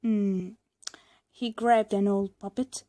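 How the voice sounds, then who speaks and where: A woman reading a storybook aloud to learners, clear and deliberate. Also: fairly high pitch, steady tone, dark tone.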